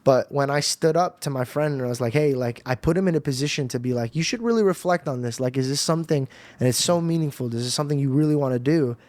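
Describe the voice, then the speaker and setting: A young man tells an emotional personal story in a casual, slangy way, like on a podcast. His voice sits at a middle pitch and is recorded up close and dry. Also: quick pace, darkish tone, no room sound. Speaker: podcast guest.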